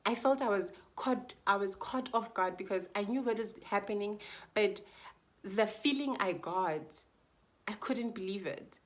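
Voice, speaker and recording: Speaking at a measured pace in a mid-range voice, a young female vlogger shares her birth story on camera. She's warm and talkative, repeats phrases to stress them, and frequently addresses viewers as "guys."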